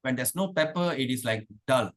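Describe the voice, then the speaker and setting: A man leading an online devotional class over a video call, asking the class questions and chanting verses slowly. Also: medium pitch, animated. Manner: chatty, asks the class questions. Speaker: spiritual teacher.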